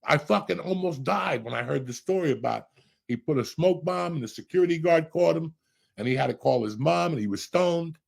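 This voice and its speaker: Man, middle-aged, gravelly husky voice, loud profane storytelling, podcast host. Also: fairly high pitch, expressive, fairly quick. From Cuba.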